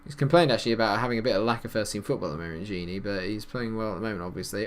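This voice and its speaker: A man giving casual, chatty commentary over a football management game, calling plays and getting excited at goals. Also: on the low side, quick pace, few pauses. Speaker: gaming YouTuber.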